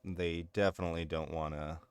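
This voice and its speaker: A man's voice: deep voice, steady tone, a little fast, clear, resonant tone, no room sound. A man in his thirties chatting casually and laughing often while streaming a game. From United States. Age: 30s. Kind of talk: casual gameplay commentary.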